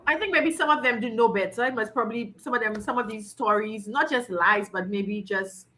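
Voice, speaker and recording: Bright-voiced teasing woman co-host. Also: fairly high pitch. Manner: teasing, quick quips. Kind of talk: casual talk show chat.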